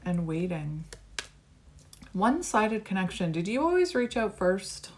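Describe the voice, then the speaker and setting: A woman's voice: medium pitch, very animated, measured pace, a little hiss or hum. A woman giving a tarot reading to the camera, musing card by card in a reflective, conversational way. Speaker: tarot reader.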